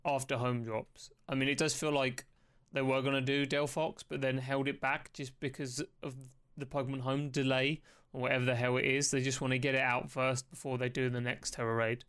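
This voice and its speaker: A man's voice: medium pitch, little pitch movement, fairly quick, a bit bright, clean tone. A man hosting a podcast in casual chat, asking questions and thinking aloud. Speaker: podcast host.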